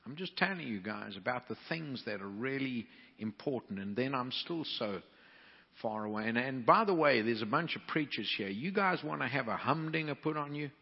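A man preaching to fellow ministers in a folksy, animated way, stumbling over restarts as he talks. His voice carries a long reverb from a large hall, and the sound is dull and muffled. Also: mid-range voice, normal speed, creaky, husky. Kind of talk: storytelling sermon to preachers.

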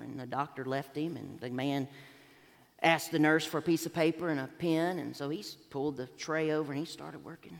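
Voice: mid-range voice, fairly even intonation, fairly quick, vocal fry. A pastor preaching a sermon, telling a parable and acting out its voices, in a church sanctuary. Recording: long hall reverb.

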